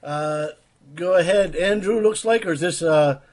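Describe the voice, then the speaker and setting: A man's voice: high-pitched, measured pace, a little mellow. A man hosting an online prayer room, preaching earnestly and quoting hymn lines. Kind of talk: casual sermon.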